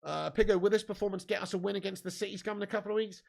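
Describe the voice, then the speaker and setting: Talking very fast in a high, creaky voice, a young man runs a live football watch-along with commentary and viewer comments read aloud. Chances and goals get him excited, and he swears, laughs and banters with viewers throughout.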